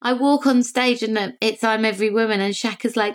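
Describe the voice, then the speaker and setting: Animated woman telling stories. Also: on the high side, fairly quick. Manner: animated, acts out quoted voices. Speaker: singer, podcast guest. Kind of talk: casual chat, storytelling.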